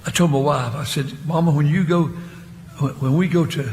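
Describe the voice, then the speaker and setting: Older man, rambling halting sermon, slightly high voice, reverberant church hall. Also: steady tone, a little mellow, a little hiss or hum. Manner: halting, rambling, repeats words. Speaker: pastor.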